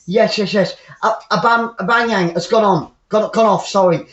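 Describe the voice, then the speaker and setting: High-voiced guy doing excitable fan commentary on a match, blunt, repeats himself, echoey room. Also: normal speed, dull audio. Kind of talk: live football fan commentary.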